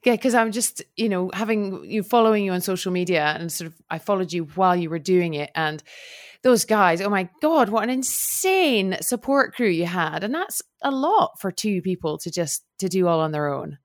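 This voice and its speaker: A middle-aged woman hosts a podcast interview in a chatty, effusive way. Her voice sits a little on the low side, and she keeps piling praise on her guest. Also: expressive, normal speed. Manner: gushing, enthusiastic, chatty. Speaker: podcast host.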